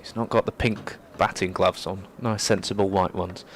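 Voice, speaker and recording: Young guy calling the cricket, a bit low voiced, gets really excited on big plays. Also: moderate pace, a little hiss or hum. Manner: lively, rises sharply in pitch and volume at big moments. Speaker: cricket commentator. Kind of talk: live sports commentary. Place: commentary box at a cricket ground. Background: faint crowd and ground ambience.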